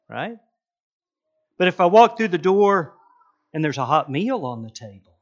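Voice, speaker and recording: A middle-aged pastor preaches a sermon and tells stories with animated, acted-out voices. His voice is high and unhurried, with frequent pauses, and the audio sounds dull.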